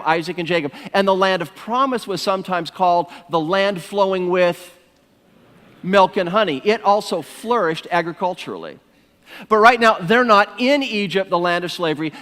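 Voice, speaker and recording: A male pastor preaches in a high voice with animated storytelling, often turning to the congregation as his friends. His words carry a long reverb through a church sanctuary. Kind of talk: sermon.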